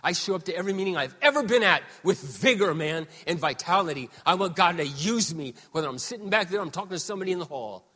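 A man in his sixties preaching a sermon as pastor, moving between quiet, confiding talk and loud, shouted exhortation. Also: high voice, expressive, quick pace, hardly any pauses, slightly rough, in a large hall. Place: church sanctuary.

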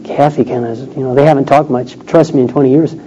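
A man's voice: mid-range voice, fast. A middle-aged man telling a personal story in a sermon, acting out the people he quotes. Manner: animated storytelling, acts out quoted voices. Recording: dull lo-fi recording with faint noise.

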